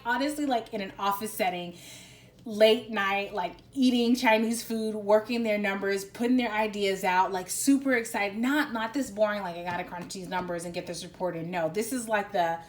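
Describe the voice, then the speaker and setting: Excitable woman rambling through a tarot reading. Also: on the high side, moderate pace. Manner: rambling, excitable, full of fillers and restarts. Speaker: tarot reader. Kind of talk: pick-a-card tarot reading.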